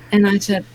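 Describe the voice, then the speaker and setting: A woman, an actress, talking as a guest in a remote interview and telling stories in a lively way, acting out the lines of the people in them. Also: background noise. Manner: animated storyteller acting out dialogue.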